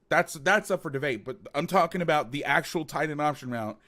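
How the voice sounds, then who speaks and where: A man's voice: on the high side, brisk, pushed and bright. A man hosting a football film breakdown, talking casually and animatedly, swearing, rambling with restarts.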